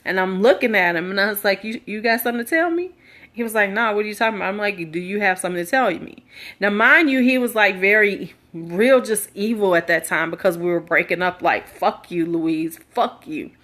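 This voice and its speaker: A woman's voice: medium pitch, fairly quick, fairly bright tone. A middle-aged woman candidly telling a personal story live, acting out quoted dialogue with emphasis. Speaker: livestream storyteller.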